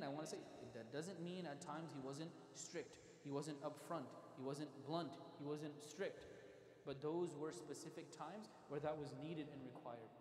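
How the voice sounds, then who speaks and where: Animated man lecturing in an echoey hall. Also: a little high. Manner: animated storytelling, acting out quotes. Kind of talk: religious lecture. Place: mosque hall.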